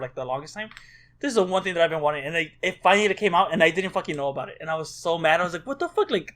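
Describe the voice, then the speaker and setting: Excitable, foul-mouthed man, fairly high voice. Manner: excitable storyteller, swears a lot. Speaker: podcast co-host. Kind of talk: casual chat.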